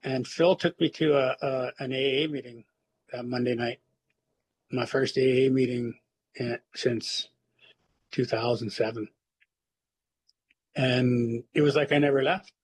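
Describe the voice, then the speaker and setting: A man in recovery telling his personal story in a halting, reflective way, with many fillers and restarts. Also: mid-range voice, fairly even intonation, husky, low-quality recording. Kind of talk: personal testimony.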